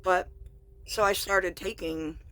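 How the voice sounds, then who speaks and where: A woman's voice: on the low side, steady tone, sharp tone. Frank woman telling a personal story. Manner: frank, confessional, halting with fillers. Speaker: vlogger.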